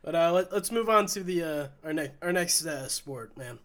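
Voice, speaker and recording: Guy co-hosting a sports podcast, kinda high voice, rambly, keeps restarting. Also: animated, normal speed, fairly bright tone. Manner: rambling, restarts often, laughs easily. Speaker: podcast co-host. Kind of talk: casual sports podcast chat.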